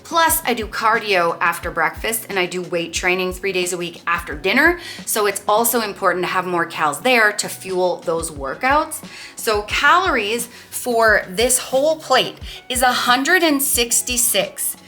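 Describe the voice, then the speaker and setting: A woman's voice: mid-range voice, lively intonation, measured pace, sharp tone, soft background music. A woman in her thirties hosting a casual food vlog, chatty and upbeat as she walks through her meals. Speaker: vlog host.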